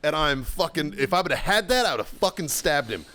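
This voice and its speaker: A middle-aged man, a podcast host, telling a profane story in casual chat, shouting when he quotes himself. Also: fairly high pitch, very animated, fairly quick.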